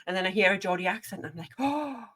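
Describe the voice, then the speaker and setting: A woman's voice: on the low side, fairly even intonation, very fast, fairly bright tone. A woman, hosting a podcast with short, friendly remarks and laughing reactions. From Ashington, Northumberland, England. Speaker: podcast host. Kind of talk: casual podcast chat.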